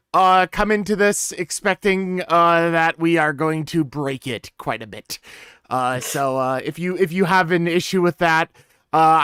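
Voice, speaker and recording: Bright, clear-voiced man running the game. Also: fairly high pitch, no room sound, studio quality. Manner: joking, loose, quick asides. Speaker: game master. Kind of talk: casual game intro chat.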